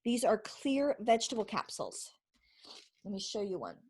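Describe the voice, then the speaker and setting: A woman's voice: mid-range voice, very animated, moderate pace, a little mellow, slightly rough. A middle-aged woman, a mother, giving a chatty, encouraging how-to vlog and laughing often. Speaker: vlogger. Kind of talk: casual instructional vlog.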